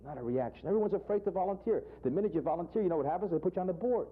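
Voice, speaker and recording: A man, a humorist guest in a TV studio, telling a joke and talking about humor, acting out voices with big jumps in pitch. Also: rapid-fire. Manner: animated storyteller, acts out characters with sharp jumps in pitch. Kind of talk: joke telling and interview talk. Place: television studio. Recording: tinny phone-like archive broadcast.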